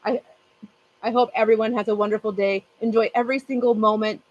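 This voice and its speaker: Chatty woman with a husky voice. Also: fairly high pitch, fairly even intonation, fairly quick, muffled recording. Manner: chatty and rambling, laughs often. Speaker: craft channel host. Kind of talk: casual livestream chat with viewers.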